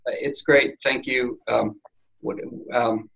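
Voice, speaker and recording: A man's voice: medium pitch, fairly even intonation, takes it slowly, gravelly, a bit bright, poor audio. A man leading an online class, reacting eagerly on a video call and restarting his sentences often. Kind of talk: casual discussion on a video call.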